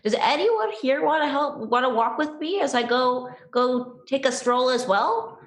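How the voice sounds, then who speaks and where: A woman's voice: high voice, animated, normal speed. A woman playing a small, eager, overly helpful gnome in a tabletop game. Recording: echoey room.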